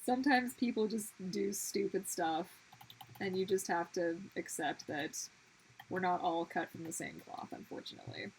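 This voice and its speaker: A woman's voice: lowish voice, moderate pace, slight background noise, rough recording. A woman chatting casually to viewers while drawing on a livestream, chatty and exclamatory. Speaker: livestreaming artist.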